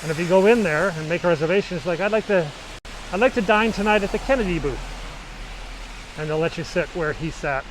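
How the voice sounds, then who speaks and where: A man's voice: fairly high pitch, noisy background. Chatty middle-aged man on a walking tour. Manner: chatty, rambling, anecdotal. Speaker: vlogger. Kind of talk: casual walking tour commentary. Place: snowy city street outdoors.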